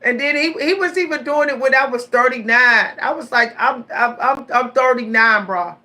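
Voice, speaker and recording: A woman in her forties telling stories straight to her viewers in a casual vlog, animated, repeating her words and laughing often. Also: on the high side, moderate pace. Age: 40s. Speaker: vlogger.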